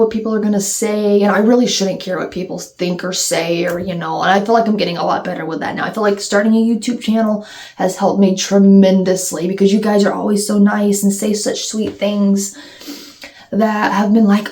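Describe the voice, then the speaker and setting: A woman's voice: mid-range voice, level tone, normal speed, dark tone. A woman talking candidly to her viewers in a casual Q&A vlog, rambling and restarting her sentences as she goes. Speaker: YouTuber answering viewer questions.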